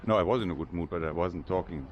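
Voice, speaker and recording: A man's voice: sits low, quick pace, dull audio, slight background noise. An older man with a German accent, chatting casually in unpolished English while walking through a large cemetery for his vlog. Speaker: vlogger.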